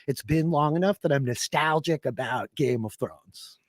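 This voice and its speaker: A man's voice: a little high, dry recording, studio quality. Enthusiastic man co-hosting a podcast. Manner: enthusiastic, fast plugs and excited asides. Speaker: podcast co-host. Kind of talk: casual podcast chat.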